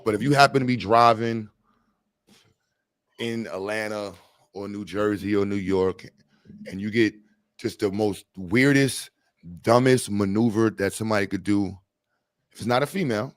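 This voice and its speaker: A man's voice: lowish voice, moderate pace, long pauses, no echo. Blunt, rambling male stream host. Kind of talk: casual livestream chat.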